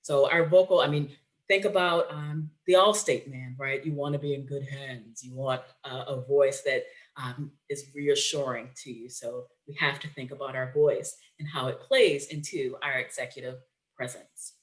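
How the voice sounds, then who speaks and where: A woman's voice: very deep voice, steady tone, moderate pace. A woman presenting a webinar in a conversational way, often checking in with listeners and using fillers.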